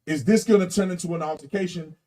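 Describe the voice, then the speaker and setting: A man narrating in a measured, explanatory way in a clip played on a show. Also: high-pitched, warm tone, recorded from a distance.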